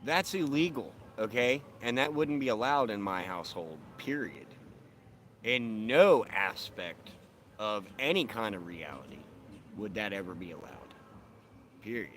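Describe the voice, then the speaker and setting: A man's voice: lowish voice, lively intonation, a little slow, a bit bright, slight background noise. A man live-streaming from his phone while sitting outside at the end of his sidewalk, talking bluntly and with a lot of swearing. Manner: blunt, profane, laughs often. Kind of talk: casual live-stream chat. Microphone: phone camera.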